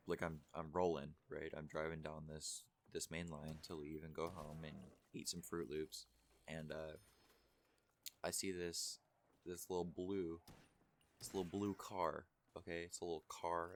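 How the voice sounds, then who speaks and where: Young guy super deep voice, gravelly fry, rambly sweary storytime. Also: a little hiss or hum. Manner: rambling, profane, full of fillers. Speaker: vlogger. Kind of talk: casual storytelling.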